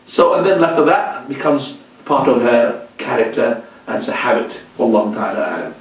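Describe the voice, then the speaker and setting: Animated preacher in a very echoey hall. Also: male voice, mid-range voice, normal speed, far from the mic, slight background noise. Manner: animated, joking, repeats religious exclamations. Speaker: sheikh giving a talk. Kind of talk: informal mosque lecture with questions. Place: large mosque hall.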